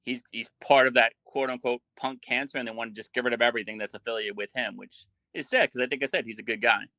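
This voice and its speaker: Bright, dry-sounding man, puzzled. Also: mid-range voice, fairly even intonation, quick pace, no room sound. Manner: puzzled, questioning. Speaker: podcast guest. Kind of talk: casual chat.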